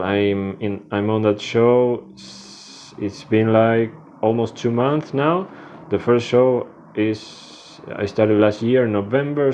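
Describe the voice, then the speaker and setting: A man, a radio host talking about himself in a casual vlog, halting and restarting as he searches for words. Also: fairly low pitch, darkish tone, a little hiss or hum. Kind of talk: casual self-introduction vlog.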